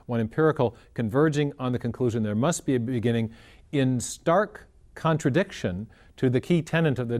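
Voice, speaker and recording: A man's voice: mid-range voice, a little mellow. A man answering in an interview, explaining and telling a story earnestly, often repeating words as he thinks. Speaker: guest explaining science.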